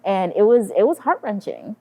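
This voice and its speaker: A woman's voice: medium pitch, big pitch swings, moderate pace, warm tone. A woman in her thirties moderating a discussion, talking thoughtfully with many "you know"s and "right"s. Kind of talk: casual panel discussion.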